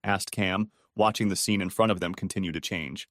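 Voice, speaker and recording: A man narrating a dramatic story audiobook in an expressive storytelling manner, dropping low on dialogue tags. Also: a little fast, no echo, clean studio sound. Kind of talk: scripted narration.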